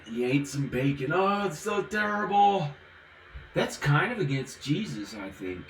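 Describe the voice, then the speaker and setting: Slow, rambling man from the South, roomy echo. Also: a little high, very animated. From American South. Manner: rambling, giggly, drifts between topics. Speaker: vlogger. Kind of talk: casual rambling vlog while drinking.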